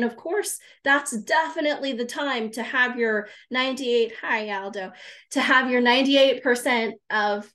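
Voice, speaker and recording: Earnest woman speaking to a live audience. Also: on the high side. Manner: earnest, repeats words for emphasis, greets viewers mid-talk. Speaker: grief recovery specialist. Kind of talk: live-streamed talk to viewers.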